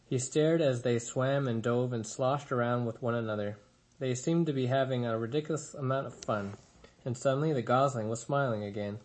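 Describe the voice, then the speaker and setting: A man's voice: mid-range voice, normal speed. Man reading a children's novel aloud. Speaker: reader.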